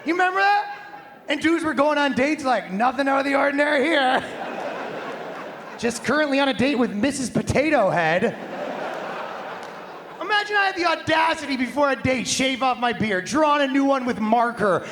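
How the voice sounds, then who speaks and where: A man's voice: extremely high pitch, very animated, moderate pace, a crowd in the background, background noise. A man doing a stand-up comedy set on a live stage, brash, crude and conversational, into a handheld microphone.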